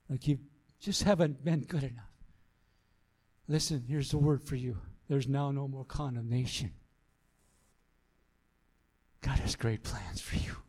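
A man's voice: mid-range voice, darkish tone, husky. A man pastor giving an earnest sermon, repeating phrases for emphasis as he tells a story and then exhorts the congregation.

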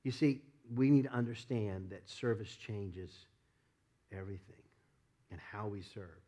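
A middle-aged man preaching a sermon, telling a personal story with lots of laughs, often repeating himself and rising from quiet asides to loud emphatic peaks. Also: on the low side, measured pace. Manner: repeats and restarts words. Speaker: pastor.

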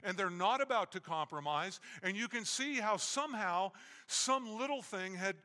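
A man preaching a sermon emphatically, acting out quoted lines and pausing for effect. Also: sits high, animated, sharp tone. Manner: emphatic preaching with dramatic pauses. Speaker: pastor. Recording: echoey hall.

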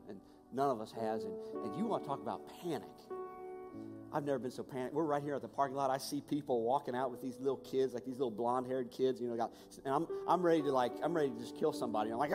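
A man preaching a sermon and telling a personal story, swinging between hushed and raised voice with passion. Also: mid-range voice, fast. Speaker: pastor. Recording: long hall reverb with music behind.

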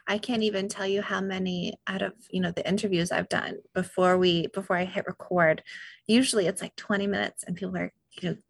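A woman's voice: mid-range voice, fairly even intonation, fairly quick, vocal fry, slightly rough, no room sound. A woman hosting a podcast, chatting casually and often murmuring agreement while her guest talks. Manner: attentive listener, frequent affirmations. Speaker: podcast host. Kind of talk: casual interview chat.

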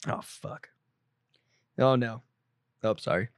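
A man's voice: mid-range voice, takes it slowly, no echo, clean studio sound. A young man, a photographer, answering viewer questions in casual chat, rambling with lots of swearing and self-corrections.

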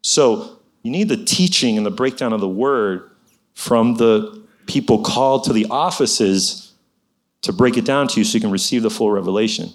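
A man's voice: on the low side, moderate pace. A middle-aged man telling a personal faith story in a conversational, preaching style. He exhorts his listeners and keeps adding "you know" asides.

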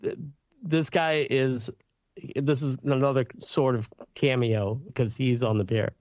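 A man's voice: medium pitch, fairly even intonation, a little slow, darkish tone. A man co-hosting a podcast, adding asides and quoting lines in casual chat. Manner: chiming in with asides and quoted lines. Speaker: podcast co-host.

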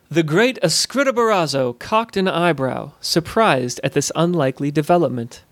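A man telling a fantasy story in a measured, steady narrating voice. His pitch sits a little higher than most men, and the recording is dry and close, with no room sound. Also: no echo. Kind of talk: scripted narration.

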